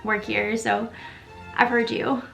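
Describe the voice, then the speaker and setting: A woman's voice: a little high, level tone, takes it slowly, creaky, a bit bright, soft background music, heavily acted, rough recording. Stammering flustered shy young waitress, as a woman puts her on. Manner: stammering, awkward.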